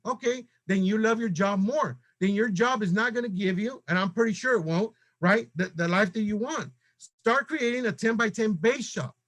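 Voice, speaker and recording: Middle-aged male team leader, high and sharp-toned, urgent motivational speaker. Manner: urgent, exhorting, rapid-fire rhetorical questions. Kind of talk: motivational pep talk to a team.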